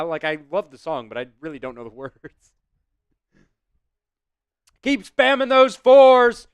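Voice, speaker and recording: A man hosting a live stream, chatting with viewers and shouting excited play-by-play football calls. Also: high-pitched, clear, resonant tone, no echo.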